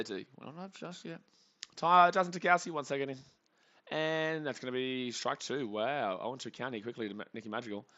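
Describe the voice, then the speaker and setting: A young man calls baseball plays live and reads out chat messages, swinging quickly into excited outbursts. His voice is bright and forceful. The stream audio is dull and lo-fi. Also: mid-range voice. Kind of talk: live play-by-play reaction stream.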